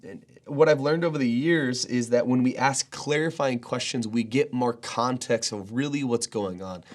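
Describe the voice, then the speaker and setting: A man's voice: mid-range voice, moderate pace. A man in his thirties, a pastor, giving an earnest, conversational daily devotional with frequent fillers.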